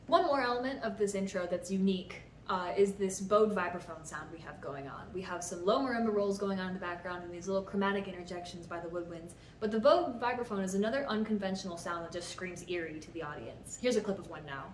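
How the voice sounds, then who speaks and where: A young woman composer patiently and methodically explains the theory behind her own piece, at times counting beats aloud, in a music-theory talk. Her medium-pitched voice moves quickly with few pauses. The distant mic gives a roomy sound, with music underneath and a little hiss or hum.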